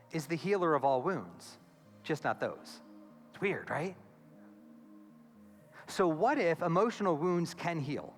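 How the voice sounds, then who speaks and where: A man giving a conference keynote as a therapist, animated and acting out quoted voices, on a stage mic in a large hall. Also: a little high. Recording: long hall reverb with faint music.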